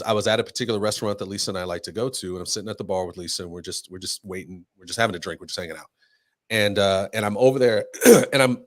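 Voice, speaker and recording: A man's voice: lowish voice, fairly bright tone, no room sound. Dry-sounding man telling a story. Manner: storytelling, acts out both sides of dialogue. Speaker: co-host. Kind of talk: casual panel conversation.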